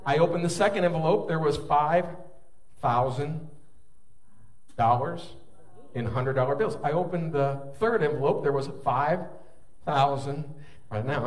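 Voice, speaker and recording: High-voiced preacher heard from a distance. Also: male voice. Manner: storytelling, builds from quiet to fervent preaching. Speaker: pastor. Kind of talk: sermon.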